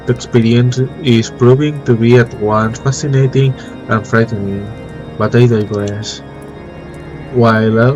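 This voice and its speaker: A man with a flu-stuffed nose reading out a formal, learned young male scholar's game dialogue in a plain, slightly halting voice. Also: medium pitch, a little mellow, lo-fi sound, natural voice.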